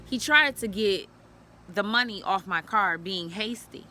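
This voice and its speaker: Measured in pace and sharp in tone, this medium-pitched woman recounts her own story to the camera. She speaks bluntly, swears a lot, and addresses other women head-on in a candid vlog. There's a slight hiss or hum in the recording.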